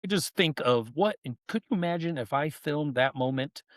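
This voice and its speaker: A man's voice: fairly high pitch, animated, normal speed, dry recording, studio quality. A man in his fifties, a podcast guest telling stories in a casual, slangy way and laughing easily. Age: 50s. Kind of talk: casual chat.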